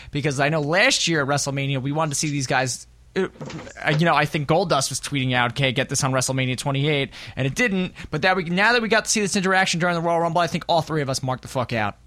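A man's voice: a little high, bright, forceful tone, no room sound. A man hosting a casual podcast chat, joking around and laughing often. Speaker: podcast host.

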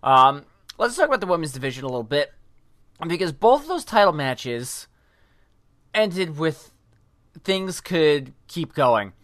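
A man co-hosting a podcast, chatting casually and excitedly about wrestling and breaking in with live updates. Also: fairly high pitch, normal speed, no room sound, studio quality. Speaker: podcast co-host.

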